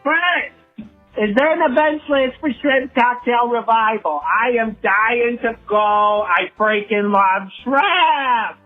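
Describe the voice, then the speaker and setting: A man voicing a rambling, excitable male caller who walks a pig, leaving a voicemail. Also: very high voice, slow pace, soft background music, exaggerated voice. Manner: gushing, rambling voicemail chatter. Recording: tinny phone voicemail.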